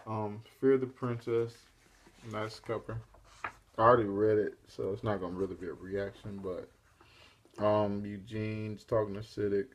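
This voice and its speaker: A man's voice: fairly low pitch, fairly even intonation, measured pace, slight background noise. A man casually retelling a comic issue for his own review show, in a rambling, laid-back way. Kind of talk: casual spoken comic recap.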